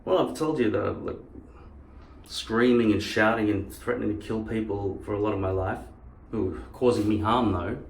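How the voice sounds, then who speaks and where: A man's voice: lowish voice, moderate pace, creaky. Heated, profane man ranting. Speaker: channel host. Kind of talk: casual ranting monologue. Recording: roomy, distant mic.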